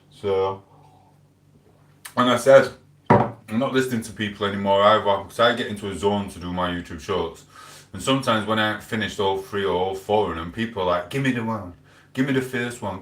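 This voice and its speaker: Rambling man, low voice. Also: a bit bright. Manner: chatty, rambling, storytelling with lots of quoted back-and-forth. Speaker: live streamer. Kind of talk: rambling live stream chat. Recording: echoey room, voice a bit far from the mic.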